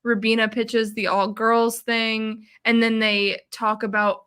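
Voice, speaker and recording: Bright, unhurried woman co-host. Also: medium pitch, smooth. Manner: laughs often, relaxed and easygoing. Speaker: co-host of a reality TV recap show. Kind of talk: casual livestream recap chat.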